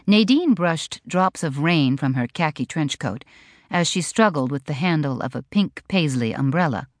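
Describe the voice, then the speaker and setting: Low-voiced woman narrating an audiobook. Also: normal speed, dry recording, studio quality. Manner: expressive storytelling.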